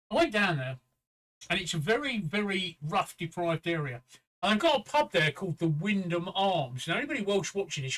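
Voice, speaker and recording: A man's voice: fairly high pitch, fairly bright tone, poor audio. An older man from England, co-hosting a casual livestream chat and telling a story in a chatty, profane way. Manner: chatty storyteller, swears freely, acts out quoted voices. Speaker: livestream co-host.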